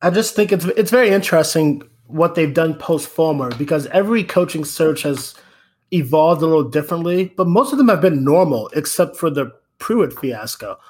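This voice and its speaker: A man with a somewhat high voice talks casually about college football coaching. He rambles and restarts his sentences as he thinks aloud. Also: lively intonation, normal speed, darkish tone, husky. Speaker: podcast co-host. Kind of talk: casual sports chat.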